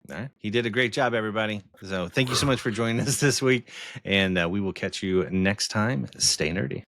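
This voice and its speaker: Enthusiastic male co-host with a low voice for a casual podcast chat, dry close mic. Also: fairly quick, no room sound. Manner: enthusiastic, excitable.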